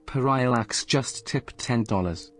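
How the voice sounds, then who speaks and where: A synthetic male text-to-speech voice reading out donation messages with an even, mechanical delivery. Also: mid-range voice, a little slow, soft background music.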